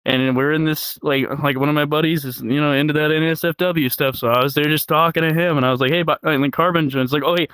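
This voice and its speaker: A young man telling crude stories in casual chat, laughing often and yelling out the lines he quotes. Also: on the high side, fairly even intonation, fast, few pauses, smooth, dry recording. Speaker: comedian guest. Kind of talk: casual storytelling.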